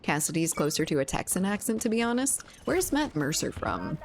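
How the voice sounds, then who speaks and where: A woman's voice: lowish voice, very animated, a little fast, vocal fry, slight background noise. A woman with a Cajun accent, chatting casually and rambling while streaming a game, laughing and swearing easily. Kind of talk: casual chat while gaming.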